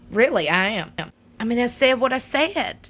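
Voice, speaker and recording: A woman hosting her own channel, talking straight to her viewers in a sassy, animated, casual commentary. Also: fairly high pitch, measured pace.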